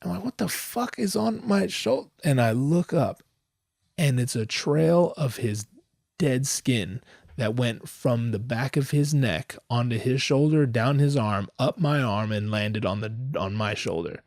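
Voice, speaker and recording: A man hosting a podcast, telling a comic story in a profane, slangy, animated way, jumping from loud outbursts to low asides. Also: measured pace, no room sound, studio quality. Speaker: podcast host.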